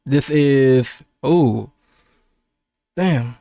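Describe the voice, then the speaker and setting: A young American man in casual livestream chat, loose and rambling, often doubling back on his words. His voice sits at an ordinary middle pitch. The sound is close and dry, with no room around it. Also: drawn-out words, creaky, dark tone, no room sound. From United States. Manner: rambling and laid-back, with frequent laughs and restarts. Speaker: streamer.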